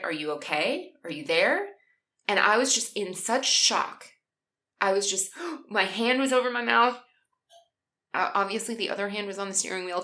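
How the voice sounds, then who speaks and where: A woman's voice: mid-range voice, sharp tone. A woman vlogger telling a personal story in a casual, emotional way, with many restarts and asides to her viewers. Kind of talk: casual storytelling while coloring.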